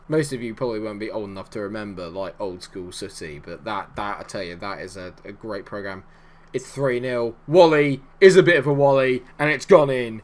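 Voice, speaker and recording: A man, a gaming YouTuber, commentating live on his own match in a jokey, excitable way and breaking into shouts when his side scores. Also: medium pitch, brisk.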